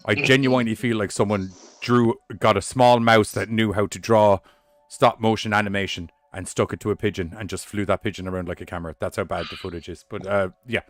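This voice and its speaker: A man's voice: on the low side, fairly even intonation, a little fast, dry recording. A man hosting a podcast, reading horror news headlines with rambling, sweary, jokey asides.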